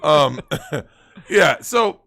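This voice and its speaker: A man ranting loudly as a guest in crude livestream banter, brash and exaggerated. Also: a little high, big pitch swings, very slow, creaky. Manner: loud, brash, exaggerated rants. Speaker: podcast guest.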